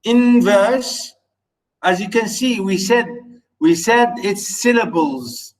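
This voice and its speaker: Man, teacher, poetry lesson, high voice, unhurried, halting, counts syllables. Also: poor audio. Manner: halting, chants stress patterns syllable by syllable; many fillers and restarts while explaining.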